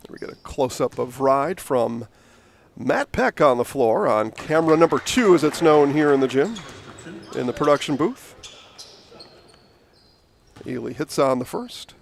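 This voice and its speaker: A man doing play-by-play for a high school basketball game, chatty and prone to rambling, opinionated asides, speaking from a gym broadcast booth. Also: animated, a little slow, vocal fry, long pauses. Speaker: play-by-play announcer. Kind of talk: sports commentary. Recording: noisy gym audio with ball bouncing.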